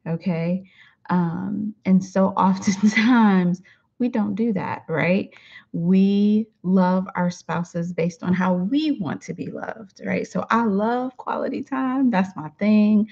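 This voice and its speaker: A woman's voice: lowish voice, fairly even intonation, slow, vocal fry, slightly rough. A middle-aged woman hosting a weekly affirmation talk, chatting casually to the camera from her home with many fillers. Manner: warm-hearted, chatty, many fillers, laughs easily. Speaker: host of a weekly affirmation show. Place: home room. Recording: dull lo-fi recording.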